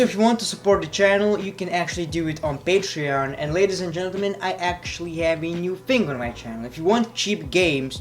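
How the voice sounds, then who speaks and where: A man reviewing wrestling in a blunt, sarcastic, profane way, casual vlog style. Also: on the high side.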